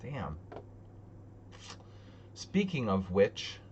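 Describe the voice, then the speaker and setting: A man's voice: lowish voice, lively intonation, unhurried, long pauses. A man streaming live online chess, thinking aloud as he plays, joking and muttering to himself. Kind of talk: live commentary while playing online chess. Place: home streaming setup.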